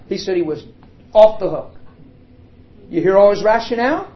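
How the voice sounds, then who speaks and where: A man preaching a sermon and telling a story dramatically, swinging between hushed and emphatic. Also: sits high, big pitch swings, moderate pace, long pauses, poor audio.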